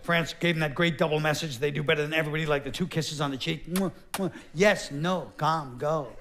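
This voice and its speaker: A sardonic male stand-up comedian with a high voice performs live on a Broadway theater stage before an audience, using a stage microphone that picks up a little hiss or hum. He's deadpan, tosses off quick asides, and slips into put-on voices.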